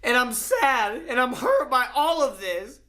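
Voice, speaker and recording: A man's voice: very high-pitched, sing-song, measured pace, bright, forceful tone. A man in his twenties, tearful and upset, swearing as he pours out his hurt as a reality show contestant. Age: 20s. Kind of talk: emotional confession.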